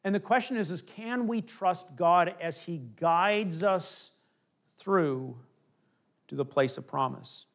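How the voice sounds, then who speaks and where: A middle-aged male pastor preaching a conversational sermon, acting out little asides and dropping from emphatic to hushed. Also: high-pitched, expressive, slow.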